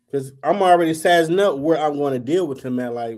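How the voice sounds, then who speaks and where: Animated, profane male storyteller. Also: a little high, a little fast, few pauses. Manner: animated, acts out quoted dialogue, swears freely. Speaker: podcast host. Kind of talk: casual storytelling chat.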